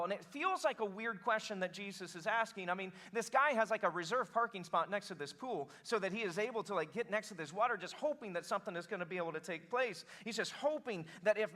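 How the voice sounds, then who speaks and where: A male pastor preaching a sermon in a lively, joking way, calling on the congregation to answer. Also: sits high, quick pace, few pauses. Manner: animated, joking, calls for congregation response.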